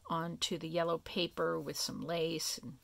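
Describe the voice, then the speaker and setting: A woman casually showing her handmade paper crafts, talking softly and meandering as she thinks aloud. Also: deep voice, flat delivery, normal speed, vocal fry, dry recording. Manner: soft, meandering, thinking aloud with many fillers. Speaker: craft vlogger. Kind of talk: casual crafting show-and-tell.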